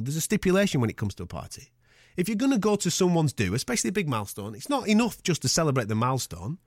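A man's voice: high-pitched, no room sound, studio quality. A man from England hosting a podcast in casual, jokey chat, teasing his co-host.

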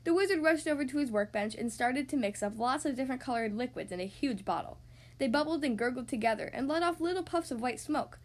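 High-voiced woman reading a kids' story. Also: quick pace. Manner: gentle, expressive storytelling. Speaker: podcast host reading to kids. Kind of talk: children's story read-aloud.

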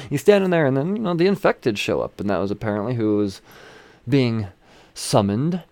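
A man's voice: mid-range voice, lively intonation, moderate pace, a little mellow, dry recording. A man casually recapping a comic issue, rambling, swearing freely and chuckling as he goes. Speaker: comic book reviewer.

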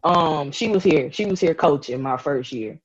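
A woman, a rugby player telling stories in a casual interview, animated and laughing often. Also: low-pitched, moderate pace, slightly rough. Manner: animated, laughing, slangy storyteller. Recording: dull lo-fi audio.

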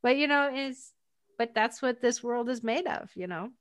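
A woman's voice: fairly high pitch, normal speed, dry recording. A woman from Northwestern Pennsylvania hosting a casual interview, telling stories in a chatty way and laughing easily. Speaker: podcast host.

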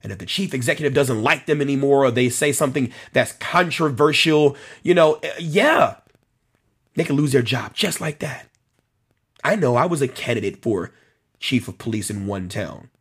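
A man talks through a live stream, reading viewer comments aloud and answering them one by one. His voice is husky and his pitch moves a lot as he makes his points. He keeps circling back to the same phrase to press it home. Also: animated, normal speed, fairly bright tone. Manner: conversational, repeats phrases for emphasis, addresses commenters by name. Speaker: host of a policing talk show.

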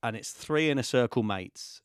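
A man, co-hosting a podcast and telling lively anecdotes. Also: mid-range voice, moderate pace, smooth, no room sound, studio quality. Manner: animated anecdote teller. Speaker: podcast co-host. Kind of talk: casual podcast chat, storytelling.

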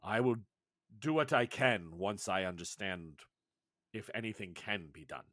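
A man voicing an old, stubborn, learned village shaman who speaks in broken English, slow and grave. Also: lowish voice, animated, a bit bright, dry recording, clean studio sound. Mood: solemn.

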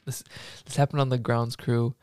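A young man telling a workplace story in casual chat, acting out the quotes loudly and laughing often. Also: medium pitch, flat delivery, moderate pace, smooth, no room sound, clean studio sound.

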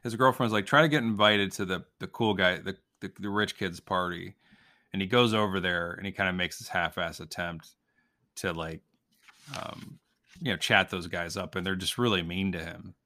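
A man's voice: sits low, moderate pace, pushed and bright. A man co-hosting a podcast, chatting casually and rambling as he recaps scenes from a film. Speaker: podcast co-host. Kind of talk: casual movie-review chat.

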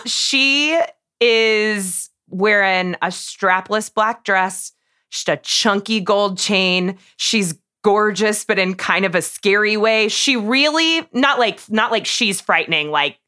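A woman's voice: mid-range voice, unhurried, bright, forceful tone. A young adult woman co-hosting a podcast in casual, effusive chat, full of "like" fillers. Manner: chatty, effusive, many "like" fillers. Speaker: podcast co-host.

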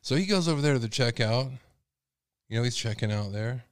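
A man's voice: mid-range voice, expressive, fairly quick, clean tone, no room sound. Rambling male host, dry close sound. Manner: rambling, folksy, many fillers. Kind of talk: casual storytelling monologue.

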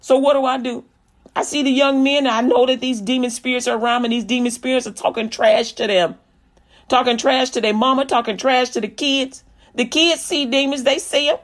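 High-voiced animated woman preaching with humor. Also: brisk. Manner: animated, emphatic, repeats lines for emphasis, acts out dialogue. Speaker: comedian and Christian speaker. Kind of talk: testimony-style preaching with comic storytelling.

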